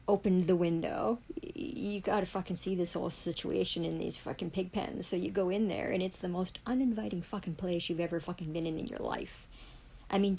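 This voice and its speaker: Furious, profane woman, gravelly. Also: mid-range voice, warm tone, low-quality recording. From Canada. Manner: heavily profane, furious ranting. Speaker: livestreamer. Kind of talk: angry livestream rant.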